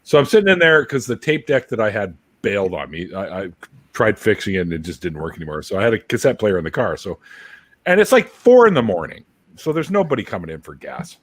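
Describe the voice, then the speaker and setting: A man hosting a casual live chat, telling a story with loud yelled reenactments and lots of swearing. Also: lowish voice, big pitch swings, fast, no room sound. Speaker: host.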